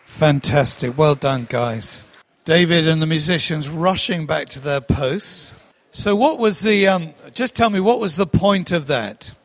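A man's voice: a little high, lively intonation, a little slow. Encouraging male service leader. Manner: encouraging questions to the room. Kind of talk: addressing a congregation.

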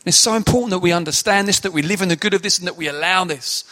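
Male preacher, high bright voice, emphatic sermon delivery, talks straight to the congregation. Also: rapid-fire. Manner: emphatic, expository, addresses congregation directly.

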